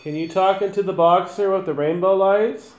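A woman's voice: mid-range voice, normal speed, highs cut off. Chatty woman ghost hunter in an echoey room. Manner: excited, chatty, addresses spirits directly. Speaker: ghost hunting host. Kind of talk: casual paranormal investigation chat. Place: indoor room of an old hotel. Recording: echoey room, faint noise.

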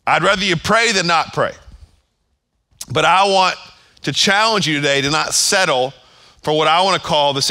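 A man's voice: mid-range voice, sharp tone. A man pastor preaching a sermon at a church service, emphatic and full of repeated phrases.

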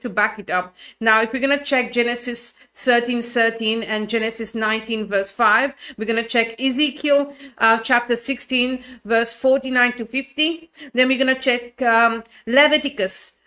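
A woman's voice: fairly high pitch, fairly even intonation, moderate pace, few pauses, pushed and bright. A woman leading a Bible study, emphatic and fond of rhetorical questions.

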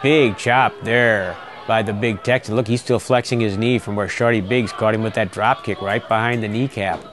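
A middle-aged man giving folksy, excitable play-by-play commentary on a wrestling match. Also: fairly low pitch, normal speed, a crowd in the background, background noise.

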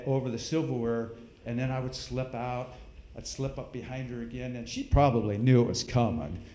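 A man's voice: mid-range voice, a little hiss or hum. Man telling a story in an echoey church. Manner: folksy, animated storytelling with sound effects. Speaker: speaker at a church service. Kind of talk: storytelling in a sermon. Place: church hall.

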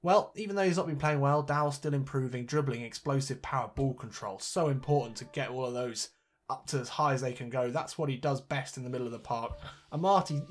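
A man commentating on his own football video game match as host, getting excited at goals. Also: medium pitch. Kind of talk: let's play football commentary.

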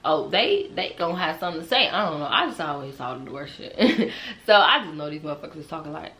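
A young woman tells a storytime to her viewers in a bright, forceful voice. She is animated and laughs often, swearing freely as she goes. She keeps speaking directly to the people watching. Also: deep voice, fast talker. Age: young adult. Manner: talks straight to viewers. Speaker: storytime vlogger. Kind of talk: casual storytime.

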